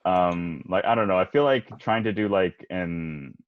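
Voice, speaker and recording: A young man talking casually in an interview about wanting to do voice acting, hesitant and soft-spoken, with plenty of fillers. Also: deep voice, unhurried, no echo. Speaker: guest, aspiring voice actor. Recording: muffled, lo-fi audio.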